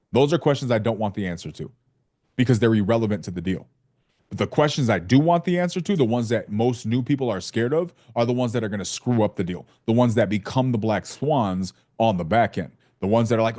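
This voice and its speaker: A man's voice: on the low side, a little mellow. A man coaching a live training session on sales calls, emphatic and playful, acting out what he says to sellers. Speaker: real estate sales coach.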